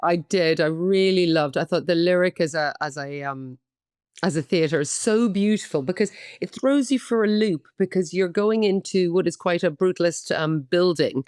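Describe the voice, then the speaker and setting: A woman's voice: lowish voice, moderate pace, darkish tone, smooth, no room sound, studio quality. A middle-aged woman with an Irish accent, a guest actress talking candidly and chattily in a podcast interview, self-deprecating and full of "um"s. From Ireland.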